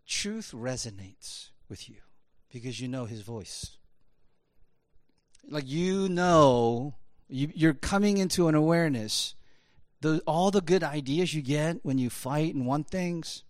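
A pastor giving a conversational sermon in an animated, rhetorical way, often tossing in quick asides to the listeners. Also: male voice, on the high side, no room sound, studio quality.

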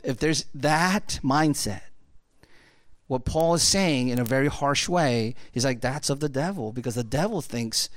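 A man's voice: mid-range voice, unhurried, no room sound, clean studio sound. A man preaching a sermon in a casual, rambling way, full of fillers and asides. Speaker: pastor.

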